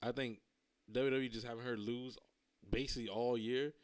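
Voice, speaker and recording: A man's voice: mid-range voice, fairly even intonation, moderate pace. A man co-hosting a wrestling podcast in loose, slangy, rambling casual chat. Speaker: podcast co-host.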